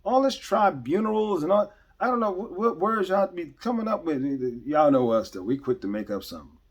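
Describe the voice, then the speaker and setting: A man's voice: high-pitched, very animated, fairly quick, lo-fi sound. A man hosting a podcast, talking to listeners in an earnest, emphatic, preacherly way, stressing key words and restarting phrases. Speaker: podcast host. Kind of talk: unscripted commentary monologue.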